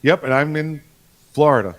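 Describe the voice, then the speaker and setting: A man co-hosting a casual podcast, talking in a relaxed, rambling way with chuckles. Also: on the high side, moderate pace. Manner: laid-back, chuckling, rambling. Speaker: co-host.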